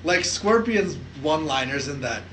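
Man, podcast co-host, casual chat, animated, profane, high voice, echoey room. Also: normal speed, slight background noise. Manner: animated, profane, excitable storytelling.

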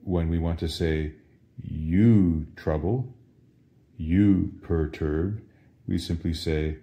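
A man's voice: low-pitched, takes it slowly, warm tone, muffled recording. A man teaching Latin altar server responses in a patient question-and-answer drill, asking how to say each phrase and then answering it. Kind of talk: slow drill-style language lesson.

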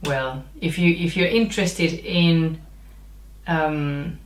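A woman's voice: deep voice, slow. A woman hosting a casual language vlog, chatty, searching for words and slipping in Spanish phrases. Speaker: English teacher and vlog host. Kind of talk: casual chat. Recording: echoey room.

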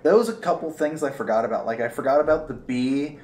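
Excitable man in a roomy space. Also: medium pitch, fast. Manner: excitable, filler-heavy, swears freely. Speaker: host. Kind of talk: casual movie review chat. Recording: roomy with faint noise.

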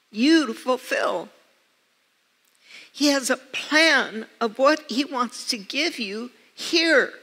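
Woman preacher, slow, earnest storytelling, gravelly edge, church hall reverb. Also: high-pitched. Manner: earnest storytelling with soft laughs. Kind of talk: sermon.

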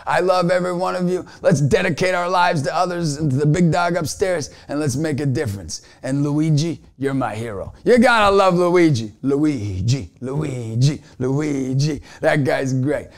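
A man with a high, bright-pitched voice delivers a motivational talk straight to camera. He tells his stories with big energy and often bursts into shouts, like a youth basketball coach firing up his team. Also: normal speed, hardly any pauses.

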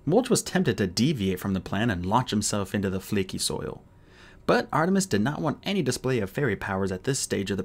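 A man reading an audiobook aloud in an expressive narrating style. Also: fairly low pitch. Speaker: audiobook reader.

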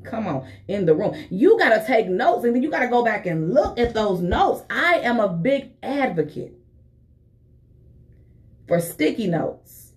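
Woman preaching on a morning live, fervent but chatty, middle pitch, calls everyone honey n baby. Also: very animated, unhurried, darkish tone. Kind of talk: sermon.

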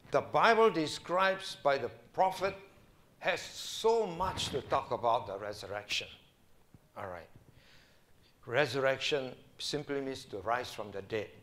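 A middle-aged man, a senior pastor preaching a sermon and reading scripture aloud with slow emphasis. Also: mid-range voice, a bit bright.

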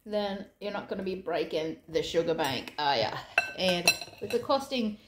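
A woman's voice: fairly low pitch, animated, normal speed, very noisy. Chatty Australian woman in an echoey kitchen. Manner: chatty, thinks aloud, self-deprecating asides. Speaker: vlogger. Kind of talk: casual cooking vlog chat. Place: home kitchen. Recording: echoey kitchen with dish clatter.

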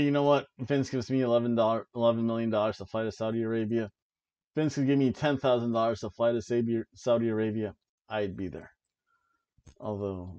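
With the highs cut off, this man's medium-pitched voice comes through a little mellow. Seated in an old chair at home, he hosts a laid-back wrestling review show, rambling on and laughing at his own jokes.

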